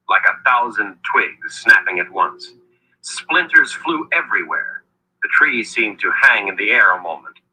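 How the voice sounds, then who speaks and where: A man narrating a fantasy audiobook in a measured, storytelling read. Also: lowish voice, bright, forceful tone, breathy edge, rough recording.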